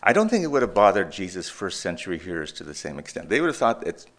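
A man preaching a sermon, reflective and emphatic, with pauses and restarts. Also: deep voice, very animated, a bit bright. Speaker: pastor.

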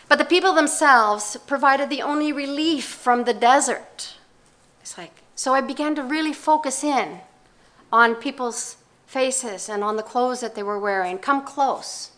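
An older woman with a somewhat high voice tells a personal story to an audience. She speaks in a measured, reflective way, pausing and restarting as she goes. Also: fairly bright tone. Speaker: speaker giving a talk.

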